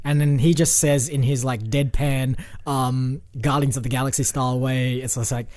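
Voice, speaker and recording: A man's voice: mid-range voice, fairly even intonation, moderate pace, darkish tone, slight background noise. A man co-hosting a podcast, chatting casually about films in a jokey way and riffing on ideas. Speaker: podcast co-host. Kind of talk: casual film chat.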